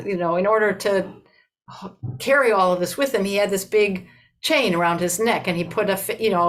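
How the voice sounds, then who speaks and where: A woman's voice: medium pitch, rough recording. Older woman telling a dharma story. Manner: unhurried, conversational, frequent "you know" and restarts. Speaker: Buddhist dharma teacher.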